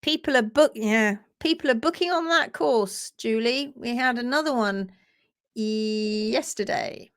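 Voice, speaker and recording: A livestream host based in France chats casually from home, cheerfully reading out comments and welcoming viewers by name. She speaks unhurriedly in a fairly bright voice that leans high.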